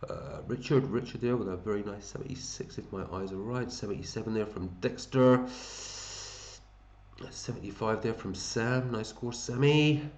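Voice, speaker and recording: A man's voice: fairly low pitch, normal speed, a little mellow, reverberant. A man hosting a fantasy football league, chatting casually and matey as he runs through scores and thinks aloud. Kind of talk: casual commentary over a screen.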